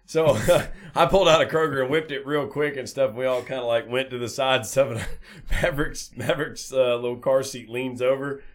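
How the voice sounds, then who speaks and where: A man's voice: mid-range voice, steady tone, fairly quick. A man, co-hosting a podcast in a laid-back way with casual swearing. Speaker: podcast co-host. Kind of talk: casual chat.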